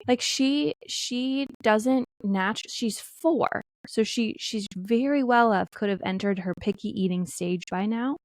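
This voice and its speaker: A woman's voice: on the high side, a little slow, hardly any pauses, darkish tone, no room sound. A woman in her thirties co-hosting a casual family podcast, chatting and telling stories about her kids, mimicking what they say. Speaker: podcast co-host.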